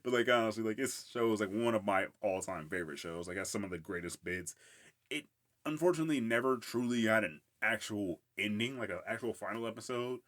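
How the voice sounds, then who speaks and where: Casual podcast host, male, lower register, talks fast and loose. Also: fairly bright tone. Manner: rambling, lots of "like", laughs often. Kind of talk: casual solo commentary.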